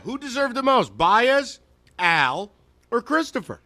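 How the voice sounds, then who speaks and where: A man's voice: very high-pitched, big pitch swings, unhurried, sharp tone, no echo, soft background music. A man hosting a sports radio show, ranting with emphatic sarcasm into a studio microphone. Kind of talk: sports talk radio rant.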